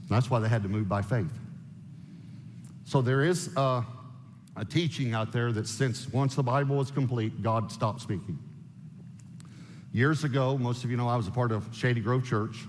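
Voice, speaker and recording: Emphatic preacher man in a hall. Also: mid-range voice. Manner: emphatic, animated preaching with rhetorical questions. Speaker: pastor. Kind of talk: sermon. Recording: long hall reverb.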